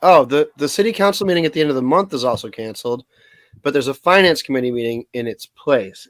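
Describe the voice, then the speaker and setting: A man chatting casually on a video call as co-host, rambling and trailing off as he goes. His voice sits at a middling pitch, and it sounds dry and close, with no room around it. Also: fast talker, no room sound. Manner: rambling, trails off, eats while talking. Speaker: podcast co-host. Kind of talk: casual chat about local politics.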